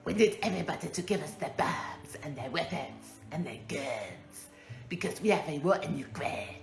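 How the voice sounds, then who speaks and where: A woman's voice: low voice, lively intonation, moderate pace, vocal fry. A woman doing a mocking impression of a pleading male wartime leader, whiny, begging and boastful, recorded in an echoey room with faint music.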